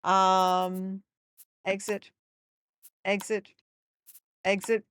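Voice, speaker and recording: A woman's voice: mid-range voice, flat delivery, extremely slow, a bit bright, clean tone, no echo, studio quality. A young woman chatting casually with her viewers during a live gameplay stream, rambling and upbeat. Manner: chatty and rambling, talking to chat.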